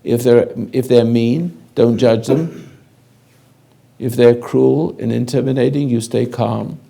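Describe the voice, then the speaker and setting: An older man giving a slow, halting spiritual lecture, speaking directly to a listener in a commanding way. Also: mid-range voice, steady tone, gravelly, dark tone. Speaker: spiritual teacher.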